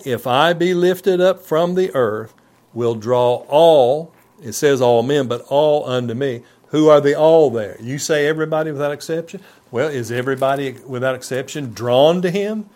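A man delivering a sermon as a pastor, his voice sitting at an ordinary middle pitch. He pleads and presses his points, climbing on key words and then falling suddenly quiet for emphasis. It has the steady cadence of a church broadcast message. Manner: emphatic, pleading preaching with sudden soft drops.

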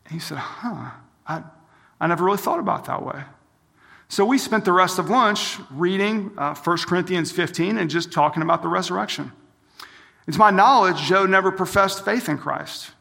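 A middle-aged campus minister preaches in a high, bright voice with a gravelly edge. He tells a story and acts out each person's lines as he goes. His words ring out with a long reverb, as in a large hall. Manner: storytelling, acts out quoted dialogue. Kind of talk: sermon.

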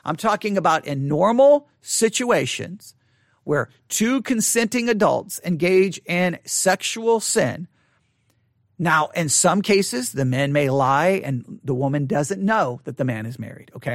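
A man's voice: fairly high pitch, animated, unhurried, dry recording, studio quality. A man leading a Bible study, talking straight to his listeners, repeating his points for emphasis and acting out imagined voices in quotes.

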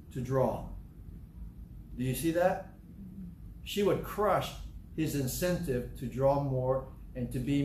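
Older male preacher, echoey room. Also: fairly high pitch. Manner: animated storytelling, acts out quotes. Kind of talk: sermon. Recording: echoey room, faint background hum.

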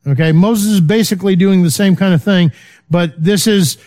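A man teaching an unscripted Bible lesson, measured and explanatory, pausing on "uh" and checking in with "okay". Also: high voice, dark tone.

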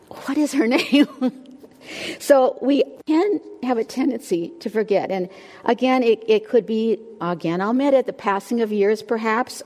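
An older woman teaching a sermon to a women's group, warm and self-deprecating, with soft laughs between her points. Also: mid-range voice. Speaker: women's ministry speaker. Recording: long hall reverb.

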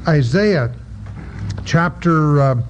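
Slow, halting preacher man on lo-fi tape. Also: on the high side, animated. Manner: halting, with many filler sounds; reads scripture aloud between explanations. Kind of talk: Bible-study sermon. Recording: dull lo-fi recording with faint noise.

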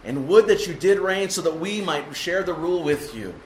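Speaking at a moderate pace in a voice on the high side, a man delivers an expository sermon, emphatically unpacking the text and asking his congregation rhetorical questions. There's a little hiss or hum, and the room is echoey with faint ambience.

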